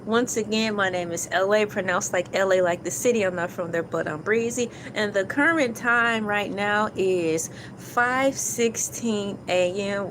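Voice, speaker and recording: A woman's voice: mid-range voice, background noise. A woman hosting a casual morning livestream, joking playfully and slipping into silly voices. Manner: playful, jokey, drops into silly put-on voices. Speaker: livestream host.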